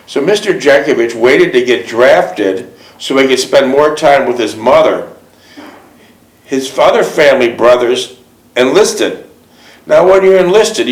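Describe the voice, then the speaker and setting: A man's voice: medium pitch, echoey room, rough recording. A male host interviewing a veteran, asking leading questions and summing up in emphatic statements. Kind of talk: interview and book reading.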